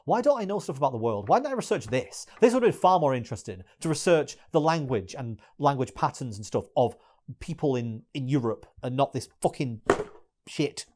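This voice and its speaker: A man's voice: mid-range voice, big pitch swings, a little fast, darkish tone. A man giving exasperated, swearing video essay commentary as a YouTuber.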